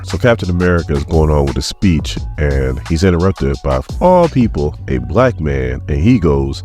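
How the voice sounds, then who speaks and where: A man's voice: extremely low pitch, sing-song, normal speed, few pauses, warm tone, faint music behind. A man hosting a casual comic book recap vlog, chatty and jokey, acting out the characters' lines as he goes. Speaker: comic book reviewer and channel host.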